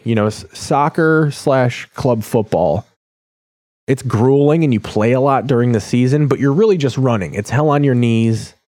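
A man hosts a podcast, loosely joking, rambling and swearing while he surfs channels. The studio-quality recording has no room sound, and his medium-pitched voice is a little mellow.

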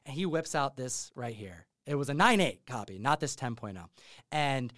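A man's voice: mid-range voice, moderate pace, no echo, studio quality. A man hosting a comic book podcast in casual chat, telling stories and acting out what others said. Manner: animated storytelling, acts out quotes. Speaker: podcast host.

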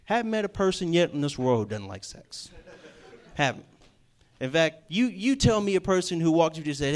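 A man preaching a sermon to a live audience in an animated, emphatic way, repeating his points for stress. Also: high-pitched, normal speed.

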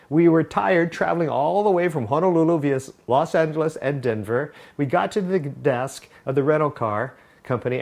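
A man preaching a sermon as a pastor, telling a personal anecdote in a wry, animated way. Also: a little high. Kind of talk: sermon storytelling.

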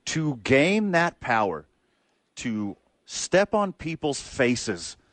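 A man's voice: medium pitch, very slow, no room sound. A man co-hosting a sports radio show, cracking jokes in casual banter. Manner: wisecracking, animated.

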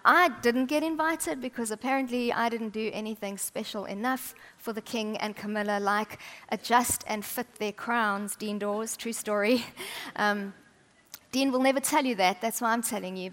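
Chatty woman preaching. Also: medium pitch. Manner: chatty and humorous, dropping to soft, intimate tones. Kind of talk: sermon.

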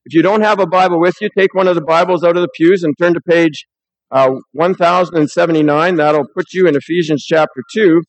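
Guy preaching in church, kinda high voice, chatty sermon w/ scripture reading. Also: steady tone, fairly quick, poor audio. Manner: conversational, reads scripture aloud. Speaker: pastor.

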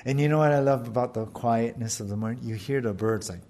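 A man giving a conversational sermon, laughing often, asking his listeners questions and slowing down to stress scripture. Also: medium pitch, warm tone. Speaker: pastor.

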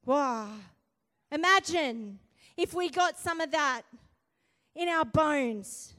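High-voiced woman preaching in a hall. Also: takes it slowly, fairly bright tone. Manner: earnest, builds to fiery emphasis, frequent "right?" tags. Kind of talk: sermon. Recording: long hall reverb.

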